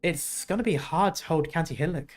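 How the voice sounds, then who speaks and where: A woman voicing a brash young female soldier in a game, with a loose put-on Scottish-style accent and a gruff, plainspoken manner. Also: low-pitched, brisk, faint music behind. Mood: blunt. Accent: loose put-on Scottish mix. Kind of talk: reading game dialogue aloud.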